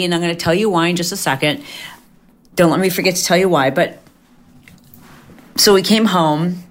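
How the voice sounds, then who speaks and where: A middle-aged woman hosting a podcast, chatting casually and animatedly, now and then acting out quoted voices. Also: low-pitched. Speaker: podcast host. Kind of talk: casual solo podcast chat.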